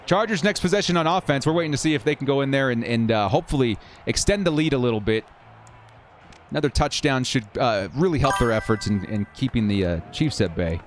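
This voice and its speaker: A man live streams simulated football games, calling the plays casually and chatting with viewers in between. His mid-range voice moves quickly with lively intonation, over a little hiss or hum and faint 1980s-style music in the background.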